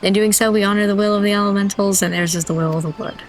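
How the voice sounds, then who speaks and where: A woman's voice: mid-range voice, steady tone, fast talker, soft background music, lightly acted, low-quality recording. A woman reading a formal military officer's oath ceremony aloud from a game, in a stately, solemn way.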